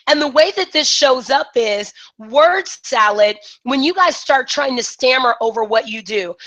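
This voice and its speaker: A woman business coach giving an energetic live-streamed coaching talk, acting out both sides of made-up conversations. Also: high-pitched, moderate pace, dull audio.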